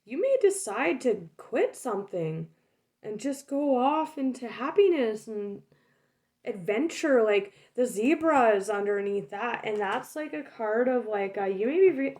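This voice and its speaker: A woman's voice: a little high, a little mellow. A young woman casually talking through a tarot reading, chatty, with many "like"s and "right?"s. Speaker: tarot reader.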